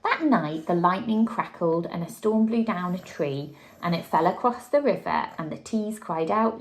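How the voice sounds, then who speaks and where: A woman, a teacher, reading a picture book aloud to a child, shouting out the dinosaurs' lines and chatting about the pictures. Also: lowish voice, moderate pace, a little hiss or hum. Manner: lively, acts out the dinosaurs' shouts and chats with the child. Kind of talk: storybook read-aloud.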